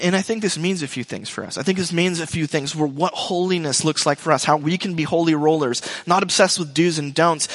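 A man's voice: fairly high pitch, fairly bright tone. Preacher man in a reverberant hall. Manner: conversational, rambling with restarts and asides. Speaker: pastor. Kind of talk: sermon.

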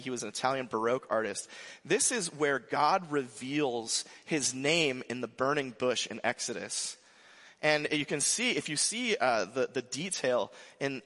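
A man preaching a casual, conversational sermon as pastor, animated and full of restarts and asides. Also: mid-range voice. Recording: long hall reverb.

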